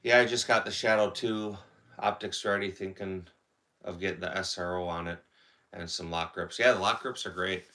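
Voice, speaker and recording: A livestream host from Wisconsin, with a Wisconsin accent, chats casually and reads out viewer comments in a low, steady, sharp-toned voice at normal speed. He sounds congested and has a sore throat.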